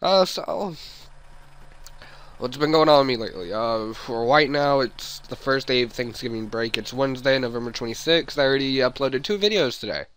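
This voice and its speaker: A man's voice: mid-range voice, moderate pace, a bit bright, clear, resonant tone. A young man rambling playfully as he comments on a video game he is playing. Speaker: let's play host. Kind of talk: let's play commentary.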